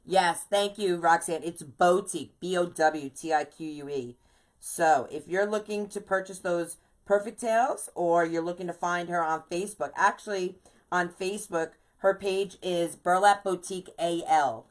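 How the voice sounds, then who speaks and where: New woman, lowish voice, chatty live craft teacher who greets viewers as she goes. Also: normal speed. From New York. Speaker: wreath designer teaching a live class. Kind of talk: casual live-stream craft tutorial.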